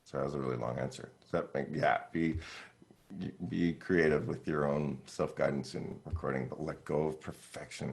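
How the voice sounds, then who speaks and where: Low gravelly-voiced male horn teacher. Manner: animated, acts out quoted thoughts, laughs often. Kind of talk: relaxed Q&A answer.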